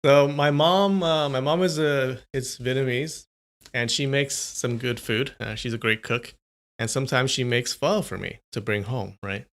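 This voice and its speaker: A man's voice: medium pitch, fairly even intonation, a little slow, a bit bright. A young man chatting casually on a live stream, rambling and answering viewers' comments.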